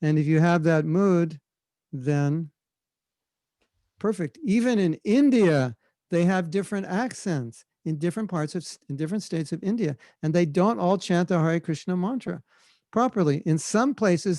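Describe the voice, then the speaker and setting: A man answering questions on a video call, telling a relaxed story and demonstrating chanting. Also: high-pitched, moderate pace, dry recording. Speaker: spiritual teacher answering questions.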